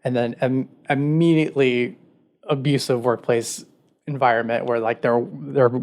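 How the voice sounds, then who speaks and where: A man's voice: medium pitch, fairly even intonation, a little slow, a little mellow. A man co-hosting a podcast, retelling a story in a casual, rambling way with many filler words. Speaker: podcast co-host. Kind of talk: casual chat.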